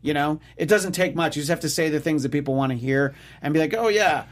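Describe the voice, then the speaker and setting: A man's voice: fairly high pitch, steady tone, fast. A man co-hosting a casual political talk, wry and sarcastic, rambling with many fillers and restarts.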